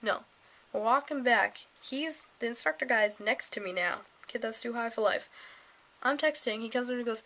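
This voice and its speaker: Young woman, eighteen, slightly high pitch, sarcastic, exasperated, casual vlog rant. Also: normal speed, a bit bright, low-quality recording. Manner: sarcastic, exasperated, swears freely. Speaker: vlogger.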